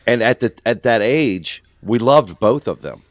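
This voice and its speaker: A man's voice: medium pitch, lively intonation, unhurried, no room sound. A man in his fifties in a casual chat, speaking in a reflective, rambling way.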